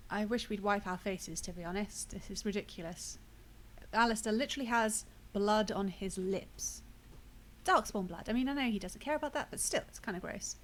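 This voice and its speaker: Woman streamer, casual gameplay chat, wry self-deprecating asides. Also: mid-range voice.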